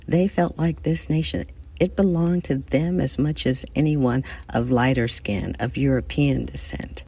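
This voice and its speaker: Low, husky woman podcast host. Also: expressive, warm tone. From United States. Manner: thoughtful, measured, addresses listeners directly. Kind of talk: reflective solo podcast monologue.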